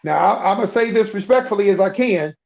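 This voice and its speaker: A man's voice: high-pitched, lively intonation, fast, vocal fry, highs cut off. A middle-aged man preaching a conversational sermon, emphatic, often repeating himself and restarting words.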